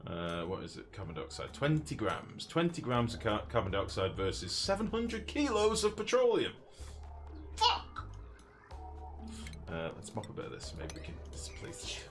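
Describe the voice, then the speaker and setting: A man's voice: medium pitch, wildly swooping pitch, moderate pace, fairly bright tone. A man commentating casually on a live game stream, chatty, profane and self-mocking. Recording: music playing behind.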